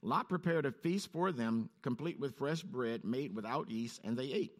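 A man preaching a sermon, reading scripture in a low, steady voice and then rising sharply in pitch as he comments on it. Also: moderate pace.

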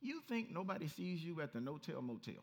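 A male pastor preaching a lively, story-driven sermon and acting out voices as he goes. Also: a little high, brisk. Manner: animated storytelling, acts out voices, laughs.

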